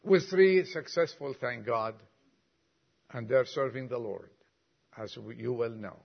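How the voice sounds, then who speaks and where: A man's voice: mid-range voice, creaky, husky. An older man preaching a sermon and reading a long story aloud, with folksy asides to the congregation. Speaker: pastor. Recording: dull lo-fi recording.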